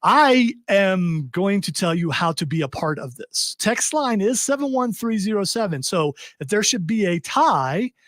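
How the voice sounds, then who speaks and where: A man's voice: high-pitched, sing-song, unhurried, few pauses, fairly bright tone, no room sound, studio quality. A man hosting a casual talk show, jokey and rambling, poking fun at himself. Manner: jokey, rambling, self-deprecating. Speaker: radio host running the show. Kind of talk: casual chat.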